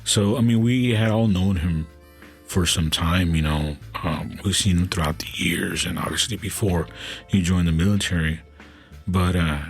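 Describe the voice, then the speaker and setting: A man hosting a podcast, telling stories in a casual and halting way with many fillers and restarts. His voice sometimes turns soft and emotional. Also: deep voice, faint music behind. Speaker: podcast host. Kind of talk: casual storytelling.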